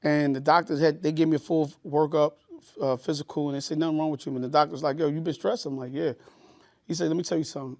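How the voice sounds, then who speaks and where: Tired New York man, slightly high voice. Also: quick pace. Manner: animated reactions, reflective. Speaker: podcast co-host. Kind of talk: casual chat.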